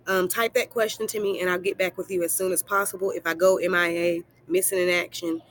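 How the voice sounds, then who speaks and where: A woman's voice: on the low side, steady tone, fairly quick, fairly bright tone, slight background noise. A woman teacher talking students through a worksheet in a recorded lesson, asking questions and answering them herself, and reassuring them. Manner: encouraging, affectionate toward students. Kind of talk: recorded screen-share lesson.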